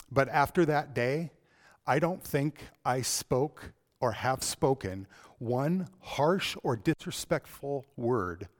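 Middle-aged man, preacher, sermon, swings between loud and hushed. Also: mid-range voice. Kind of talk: sermon with personal story.

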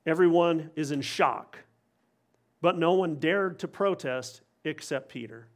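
A man's voice: a little high, measured pace. A man preaching a sermon, explaining a passage in an earnest, expository way, with occasional wry asides.

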